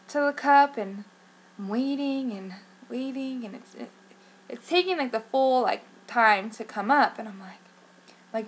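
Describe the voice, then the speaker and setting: A young woman vlogging, telling a story in an excitable, chatty way with lots of fillers and acted-out quotes. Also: a little high. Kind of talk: casual vlog storytelling.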